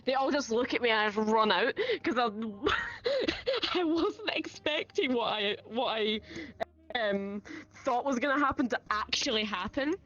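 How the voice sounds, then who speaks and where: A young woman, a streamer guest, chatting casually and telling stories in a rambling, animated way with frequent laughter. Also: on the high side, normal speed, dull audio. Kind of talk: casual chat, storytelling.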